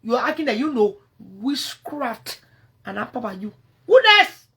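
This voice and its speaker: A woman with a Liberian English accent, ranting at someone on a phone livestream, confrontational and swearing, dropping to low mutters and then bursting out loud. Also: normal speed. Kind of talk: angry livestream rant.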